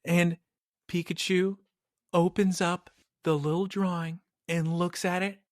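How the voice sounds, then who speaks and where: A man hosting a podcast, retelling an episode in a lively, animated way in casual chat. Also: high-pitched, a little slow, dry recording, studio quality. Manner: animated storytelling, voices quotes. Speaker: podcast host recapping an episode.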